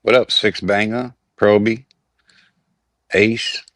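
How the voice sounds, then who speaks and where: A man's voice: lowish voice, fairly even intonation, slow, a bit bright, dry recording. A man hosting a casual comedy chat, laid back, greeting viewers and feeding his guest. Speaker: show host.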